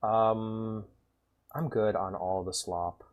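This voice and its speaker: A man streaming and reacting to videos in loose, profane casual chat, swinging between loud outbursts and mutters. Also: lowish voice, steady tone, slow. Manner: loose and profane, bursts of laughter.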